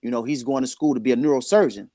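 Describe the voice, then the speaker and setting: A man's voice: medium pitch, racing, dark tone, no echo. A man in his forties talking candidly and earnestly about his life, getting emotional and repeating phrases for emphasis. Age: 40s. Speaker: guest sharing his life story. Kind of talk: candid conversation.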